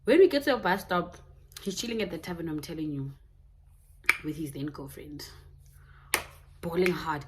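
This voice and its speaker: A woman's voice: low voice, normal speed, pauses often, breathy edge. A young South African woman telling a personal story in a candid, casual way, laughing often. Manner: candid, mixing in Setswana phrases, laughing often. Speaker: YouTuber.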